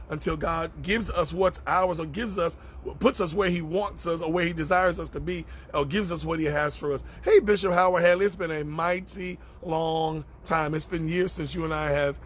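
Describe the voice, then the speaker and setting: High-voiced man preaching on a live stream. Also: steady tone, normal speed, hardly any pauses, a bit bright, a little hiss or hum. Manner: preacherly, repeats phrases for emphasis; greets viewers by name between thoughts. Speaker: minister hosting a live stream. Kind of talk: live-stream chat answering viewer comments.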